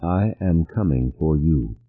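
A man lending his voice to an unseen alien mind that speaks through a screen: slow, flat and menacing. The voice is low and husky, on a tinny, narrow recording. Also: heavily acted.

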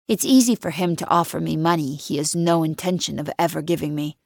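Cool, low-voiced woman narrating. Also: fairly quick, creaky, few pauses, dry recording, clean studio sound. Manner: calm, cool and controlled. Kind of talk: first-person audiobook narration.

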